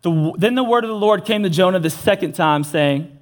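A man's voice: high-pitched, a little fast. A young man giving an earnest, casual sermon, mixing slang into his preaching. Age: young adult.

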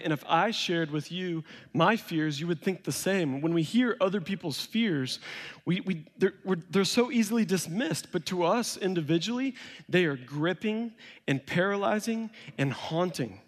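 A man's voice: sits high, animated, normal speed. Man telling a story in a hall. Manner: earnest, storytelling with voiced quotes. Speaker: speaker sharing recovery story. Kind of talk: personal testimony talk. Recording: long hall reverb.

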